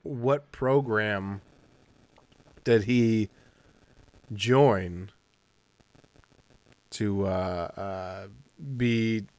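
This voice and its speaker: Smooth-voiced man chatting on a podcast. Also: on the low side, extremely slow, pauses often, no echo. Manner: animated, acts out scenes in quoted voices. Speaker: podcast co-host. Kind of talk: casual chat.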